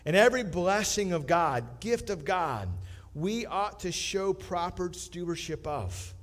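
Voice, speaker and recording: A pastor, preaching a sermon in a conversational manner with emphatic swells. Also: male voice, sits high, expressive, unhurried.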